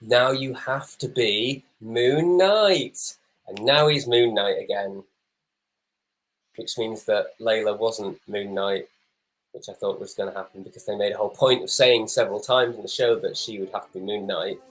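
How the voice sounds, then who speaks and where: A man's voice: on the low side, fairly even intonation, normal speed, poor audio. A man co-hosting a casual watch-along review of a TV episode, chatty and wry as he reacts to the screen.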